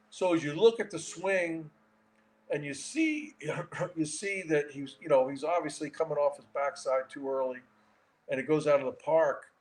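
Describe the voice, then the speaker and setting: A man's voice: a little high, moderate pace, low-quality recording. Man in his 60s telling a story. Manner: animated storyteller with frequent restarts. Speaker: guest, former baseball catcher and manager. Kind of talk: storytelling in a casual interview.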